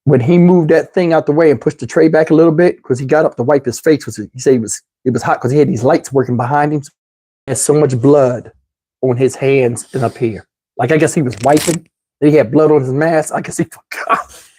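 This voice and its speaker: A man telling a wild personal story in a casual, animated, slangy way, swearing freely. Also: medium pitch, brisk, breathy edge.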